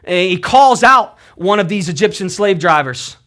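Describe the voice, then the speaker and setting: A male pastor telling a story in a sermon, animated and conversational, dropping suddenly to low, hushed moments. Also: moderate pace.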